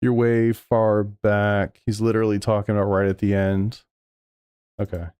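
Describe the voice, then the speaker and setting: A man's voice: fairly low pitch, little pitch movement, normal speed, a little mellow, clean tone, no room sound. A man streaming sim racing live, talking over race replays and arguing back at his chat with plenty of swearing. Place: home sim racing room.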